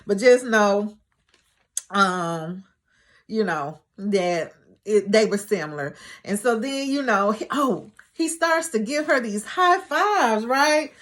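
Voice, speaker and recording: A woman's voice: mid-range voice, takes it slowly. Woman vlogger recapping a tv episode, casual and chatty, jokes around a lot. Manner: chatty, animated, joking asides. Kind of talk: casual chat.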